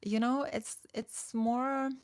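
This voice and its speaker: A woman's voice: on the high side, little pitch movement, slow, a little mellow, no room sound. A woman in her forties, a dating coach, talking casually to her viewers and reading their chat messages, with lots of "like" and restarts. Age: 40s. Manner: chatty, full of "like" and restarts, reads chat aloud.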